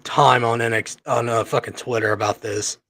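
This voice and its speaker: Excitable, laughing podcast host on headset. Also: male voice, mid-range voice, normal speed, no room sound. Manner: excitable, profane, laughs a lot. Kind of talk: casual podcast chat.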